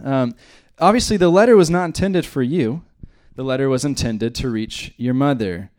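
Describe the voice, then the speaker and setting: A man's voice: a little high, expressive, fairly quick, few pauses, a little mellow. Conversational American man teaching the Bible. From United States. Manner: conversational, joking asides. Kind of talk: church teaching.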